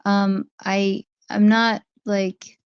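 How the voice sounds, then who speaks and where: A woman's voice: medium pitch, level tone, drawn-out words, clear, resonant tone, no echo. A woman hosting a casual livestream, talking through her viewers' chat comments one by one. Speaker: livestream host. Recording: dry, dull lo-fi stream audio.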